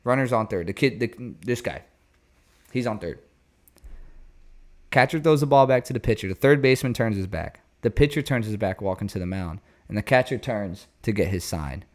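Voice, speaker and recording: Male baseball show host, casual and rambling, animated and jokey. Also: lowish voice, brisk.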